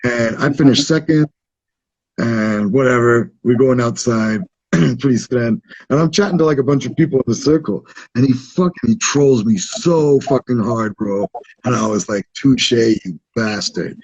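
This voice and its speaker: An Irish man with a husky, slightly rough voice spins a loose, swear-filled anecdote in easy conversation. The sound is dry and close, with a dull, lo-fi edge to the recording. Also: medium pitch, normal speed, darkish tone, no echo. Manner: profane, laid-back anecdote telling. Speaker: guest. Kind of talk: casual storytelling chat.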